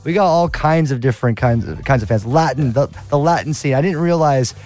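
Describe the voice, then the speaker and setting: Male guest, relaxed rambling chat full of restarts, faint music underneath. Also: mid-range voice, brisk. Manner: rambling, many restarts, easygoing. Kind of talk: casual interview chat.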